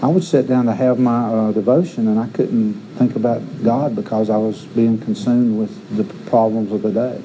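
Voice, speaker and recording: A middle-aged man preaches in a very dark, mellow voice. He speaks earnestly, often repeating a word as he restarts a thought. A faint hiss of air conditioning sits behind him. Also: lowish voice, fairly even intonation, normal speed, few pauses, poor audio. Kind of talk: sermon with personal stories.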